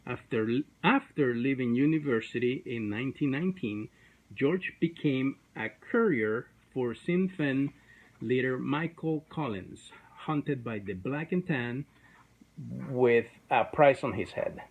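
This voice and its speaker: A man's voice: medium pitch, expressive, measured pace, phone-quality sound. A man hosting an online show in a chatty, self-deprecating way, with many fillers. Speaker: host. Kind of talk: casual YouTube show.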